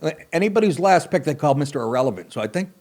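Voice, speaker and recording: Middle-aged male host, crude self-mocking storyteller, fairly high voice with lots of pitch swing. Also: lively intonation, rapid-fire, a little mellow. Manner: wry asides, breaks into laughter. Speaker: podcast host. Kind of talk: profane comedic monologue.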